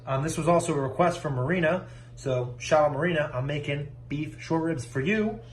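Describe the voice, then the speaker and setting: A man's voice: on the high side, a little fast, a little hiss or hum, poor audio. A man casually talking through a recipe as he cooks in his home kitchen, in a chatty, joking way. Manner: chatty, jokey, upbeat. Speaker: home cooking vlogger. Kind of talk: casual cooking demo.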